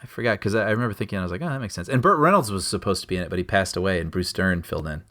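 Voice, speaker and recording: A man's voice: low voice, racing, bright, forceful tone. A man co-hosting a podcast, chatting casually and enthusiastically about a movie, laughing often and acting out scenes. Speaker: podcast co-host. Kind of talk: casual film discussion.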